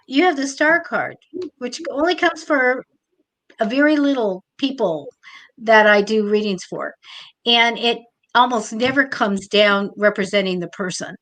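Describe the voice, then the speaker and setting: A woman's voice: fairly high pitch, lively intonation, slow, bright, forceful tone, poor audio. A woman co-hosting a live show as a tarot reader, who talks in a chatty, enthusiastic way with many exclamations. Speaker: psychic tarot reader, co-host.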